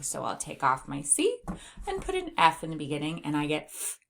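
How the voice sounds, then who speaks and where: A woman teacher giving a phonics lesson to young children in a slow, clear, sing-song voice. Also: low voice, huge pitch swings, fairly bright tone. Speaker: reading teacher.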